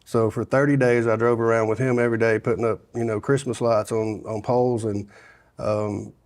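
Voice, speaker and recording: A man's voice: mid-range voice, little pitch movement, normal speed, darkish tone. A middle-aged man, telling his life story in a casual interview, rambling with many restarts and "you know"s. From Sevier County, Tennessee. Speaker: guest sharing his testimony.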